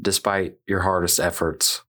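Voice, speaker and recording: A man hosting a podcast, telling an embarrassing story in casual chat with animated, self-mocking delivery. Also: sits low, unhurried. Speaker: podcast host.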